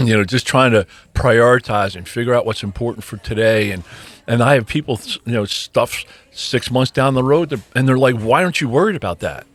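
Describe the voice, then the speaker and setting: A man's voice: mid-range voice, fairly even intonation, normal speed. A middle-aged man co-hosting a podcast in casual chat, rambling with restarts and frequent ums. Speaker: podcast co-host. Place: podcast studio.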